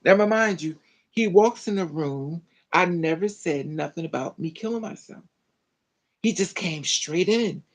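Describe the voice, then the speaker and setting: A woman recounting a personal story in an animated, dramatic way, full of colloquial slang. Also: on the low side, unhurried, low-quality recording. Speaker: storyteller vlogger.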